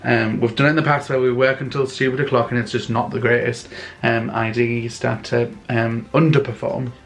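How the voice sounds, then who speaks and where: A man's voice: mid-range voice, little pitch movement, normal speed, reverberant. A young British man chatting casually to camera at home for his vlog, rambling with plenty of ums. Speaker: vlogger. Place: at home, indoors.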